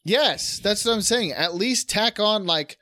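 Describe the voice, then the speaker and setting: A man co-hosting a podcast in casual chat, joking and teasing, often dropping into quiet asides. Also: sits high, animated, unhurried, dry recording. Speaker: podcast co-host.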